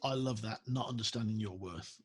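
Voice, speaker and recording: A man's voice: lowish voice, fairly quick, husky. A man from Birmingham with a Brummie accent, hosting an interview over a video call, enthusiastic and full of fillers and repeated words. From Birmingham, England. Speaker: talk show host. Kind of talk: casual interview chat.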